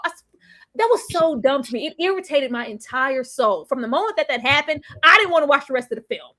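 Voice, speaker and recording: A woman co-hosting a casual movie review chat, emphatic and animated, acting out lines of dialogue as she talks. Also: sits high, quick pace. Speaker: podcast co-host.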